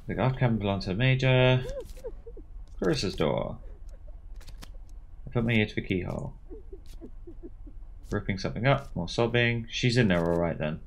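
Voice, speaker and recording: A man's voice: fairly low pitch, moderate pace, gravelly, long pauses, a little hiss or hum. A man reading a mystery game aloud, with wry, dry asides between passages.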